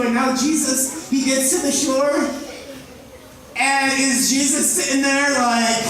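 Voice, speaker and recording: Animated woman telling a Bible story. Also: sits high, a little slow. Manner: dramatic, swings from excited shouts to hushed tones. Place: large indoor hall at a day camp. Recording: echoey hall from far off.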